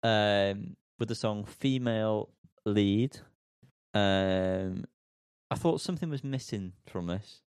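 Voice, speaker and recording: Slow, smooth low male voice. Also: a little mellow, no room sound, clean studio sound. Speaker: podcast co-host reviewing music. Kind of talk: casual chat.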